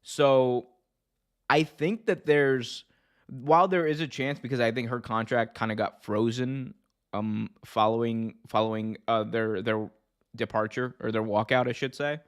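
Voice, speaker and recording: Guy running a wrestling podcast, chatty and rambly, lots of ums and restarts, average pitch. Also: fairly even intonation, unhurried, clear, resonant tone. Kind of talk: casual commentary reading live chat.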